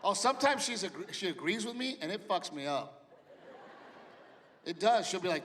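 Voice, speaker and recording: A man's voice: high-pitched, expressive, normal speed, pauses often, a bit bright. Brash, profane stand-up comic man. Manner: brash, profane storytelling with acted-out quotes. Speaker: stand-up comedian. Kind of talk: stand-up comedy set. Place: large theater stage with a live audience. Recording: live hall reverb, audience noise.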